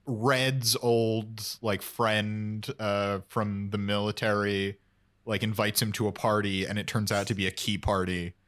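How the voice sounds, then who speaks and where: A man's voice: fairly low pitch, little pitch movement, unhurried, fairly bright tone. A man co-hosting a podcast, chatting casually and enthusiastically, rambling with fillers. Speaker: podcast co-host. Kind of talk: casual chat.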